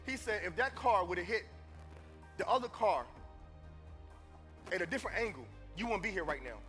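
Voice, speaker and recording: A man giving a live motivational speech at a conference, preacherly, moving between hushed confession and loud calls to the audience. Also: high voice, very animated, normal speed, soft background music. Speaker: motivational speaker. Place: conference stage before an audience.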